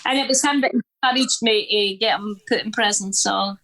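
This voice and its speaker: A middle-aged woman with a Scottish accent, a guest telling stories in an interview in a blunt, sweary, animated way, acting out the people she quotes. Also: a little high, a little fast. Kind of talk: candid conversational storytelling.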